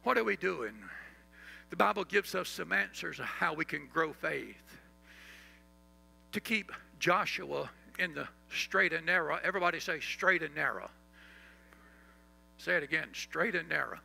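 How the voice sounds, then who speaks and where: A man pastor preaching a sermon, leading the congregation in call-and-response and reciting scripture, sometimes dropping to a soft, slow voice for emphasis. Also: on the high side, gravelly, husky, faint music behind, rough recording.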